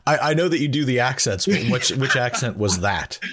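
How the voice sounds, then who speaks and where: A man hosting a podcast in casual chat, talking in a thoughtful, measured way. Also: medium pitch, animated, fairly bright tone. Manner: thoughtful and measured, reflects at length. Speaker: podcast host.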